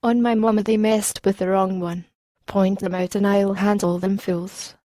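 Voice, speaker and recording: A woman's voice: medium pitch, flat delivery, normal speed, mellow, no room sound, clean studio sound, lightly acted. A woman voicing a hot-tempered young aunt in a gang, talking brash, hyped street slang.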